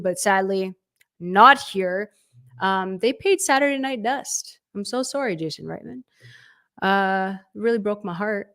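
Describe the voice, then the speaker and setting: A young woman hosting a casual live reaction stream, opinionated and animated, reading out viewers' chat comments. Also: medium pitch. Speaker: livestream host reacting to award nominations.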